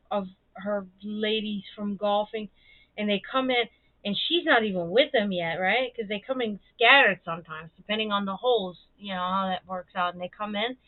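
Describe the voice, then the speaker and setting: A woman's voice: mid-range voice, no room sound. A woman hosting a casual livestream, chatting and telling stories, swearing freely and laughing often. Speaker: livestream host. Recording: dry, tinny phone-like sound.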